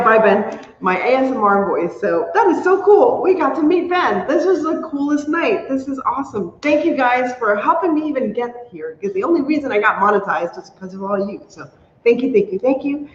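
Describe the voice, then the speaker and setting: A woman hosting a casual live crafting stream, chatty and upbeat, thanking her viewers warmly. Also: fairly high pitch, slight background noise. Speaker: livestream crafting host. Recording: echoey room, dull lo-fi sound.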